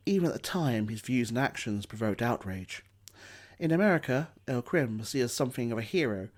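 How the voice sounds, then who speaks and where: A man with an everyday mid-range voice reads a scripted history narration. He delivers it steadily, then slips in dry, sardonic asides along the way. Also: mid-range voice.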